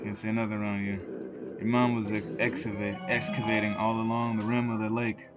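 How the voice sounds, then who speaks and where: A man's voice: on the low side, little pitch movement, a little fast, close to an everyday voice. A man voicing a surly, mocking gas station keeper in a video game, talking with sneering dismissal over game music. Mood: smug.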